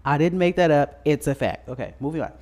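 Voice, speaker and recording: A man's voice: on the high side, expressive, fast talker, a little mellow. A man co-hosting a podcast in a casual chat, telling a story bluntly with crude slang. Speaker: podcast co-host.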